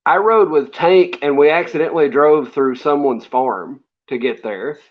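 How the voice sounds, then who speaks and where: With a fairly high voice and moderate pace, a man appears as an interview guest and shares stories in a relaxed, rambling way, dropping fillers and small laughs. The lo-fi recording sounds dull.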